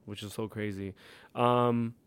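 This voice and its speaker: Podcast guest, twenties, Californian lilt, animated storyteller, dry studio mic. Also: male voice, lowish voice, measured pace, smooth, no echo. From Thailand and California. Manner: animated, laughs often, many "like" fillers. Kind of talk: casual storytelling.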